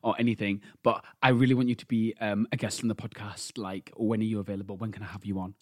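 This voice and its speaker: A man's voice: on the low side, little pitch movement, quick pace, dry recording, clean studio sound, lightly acted. A man playing a starstruck young fan who eagerly asks a drag queen onto his brand-new podcast.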